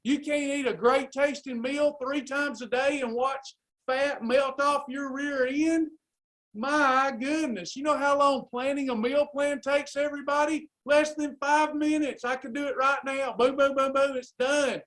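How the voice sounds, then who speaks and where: A man's voice: extremely high pitch, steady tone, unhurried, fairly bright tone. A man coaching a live weight loss class, urging listeners on in a fired-up, preacherly way. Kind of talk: live class pep talk.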